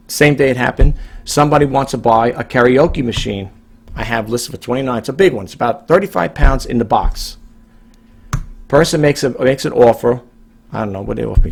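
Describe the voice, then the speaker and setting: A man's voice: mid-range voice, vocal fry, slightly rough. A middle-aged man from New York, talking casually to his viewers in a rambling, emphatic way, repeating himself and restarting his sentences. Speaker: online reseller vlogger. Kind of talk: casual monologue to camera.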